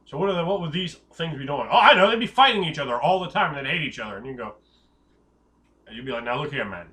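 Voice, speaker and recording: Excitable bright-voiced man giving game advice. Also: a little high, fast talker. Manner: excitable and hyperbolic, with jokey tangents; rambling, with frequent restarts. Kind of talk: casual advice talk.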